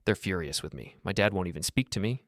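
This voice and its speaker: A man's voice: deep voice, expressive, fast talker, fairly bright tone, no echo, clean studio sound. A man voicing a distraught young wife in a story reading, pleading and defensive.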